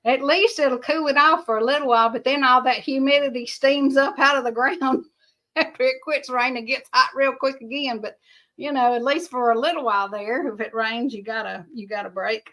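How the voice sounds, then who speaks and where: Older woman, livestream host, rambling folksy chat, slightly high voice. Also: a little fast, fairly bright tone. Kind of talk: casual livestream chat, reading viewer comments.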